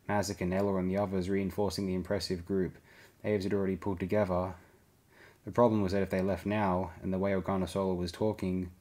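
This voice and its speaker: A man reading a science fiction audiobook aloud, giving the characters' lines small shifts in pitch and volume. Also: darkish tone. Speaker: audiobook reader. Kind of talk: scripted narration.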